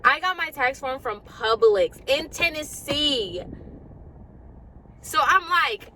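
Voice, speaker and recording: Young woman ranting fast in a parked car. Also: sits high, slight background noise, poor audio. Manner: exasperated, ranting, rapid and animated. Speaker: vlogger. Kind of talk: casual rant to camera.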